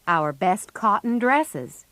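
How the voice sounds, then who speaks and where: Tomboyish teen girl, blunt and unhurried, read by a woman narrator; close, dry storybook sound. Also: mid-range voice, sing-song, a bit bright, no echo. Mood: matter-of-fact.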